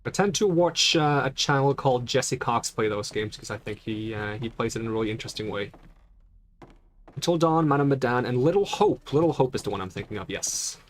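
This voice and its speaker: A man's voice: mid-range voice, lively intonation, a little fast, slight background noise. A young man chatting casually on a live stream while playing, rambling and answering questions from chat.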